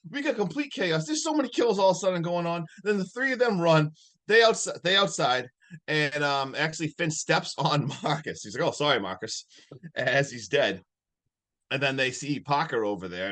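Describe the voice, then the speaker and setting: A man with a slightly high voice tells a film's story in casual podcast chat. He talks in an animated way and laughs often. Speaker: podcast co-host. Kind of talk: casual movie recap.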